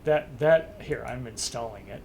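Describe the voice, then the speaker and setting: A streamer hosting a talk segment chats casually and a bit tiredly, rambling, chuckling, and restarting sentences mid-thought. His mid-range voice is creaky and slightly mellow at a normal speed, with a little hiss or hum on the recording.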